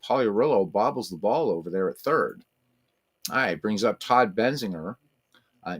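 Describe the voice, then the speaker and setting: Playing announcer for a tabletop baseball game, a man gives casual play-by-play calls and breaks off to coo at his cats in a high voice.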